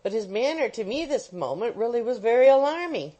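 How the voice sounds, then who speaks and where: A woman voicing a kindly, fussy older gentleman who speaks politely and gets flustered. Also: on the high side, sing-song, brisk, voice pushed up. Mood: puzzled.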